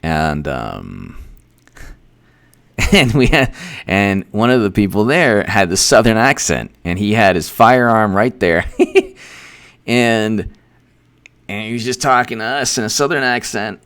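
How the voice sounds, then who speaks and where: Male commentary host, lowish voice with big swings, rambling, repetitive delivery. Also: slow, long pauses, smooth. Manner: rambling, repetitive, animated asides with laughs. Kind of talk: casual livestream commentary.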